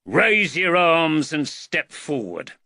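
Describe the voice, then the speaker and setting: A man's voice: on the high side, slow pace, no room sound, studio quality, voice pushed up, exaggerated voice. Man voicing a stern, commanding father. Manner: calm, commanding, dryly wry. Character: stern protective father, middle-aged man.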